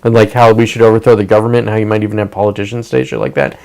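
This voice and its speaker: A man's voice: lowish voice, flat delivery, very fast, darkish tone, low-quality recording. A man hosting a livestream, ranting casually with profanity, rambling asides and sarcastic mock quotes. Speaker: streamer host.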